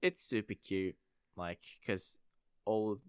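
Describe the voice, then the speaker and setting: Male co-host, low and dry, easygoing film recap with fillers. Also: takes it slowly, clean tone, no echo. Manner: rambling recap with fillers and acted quotes. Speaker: podcast co-host. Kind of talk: casual film review chat.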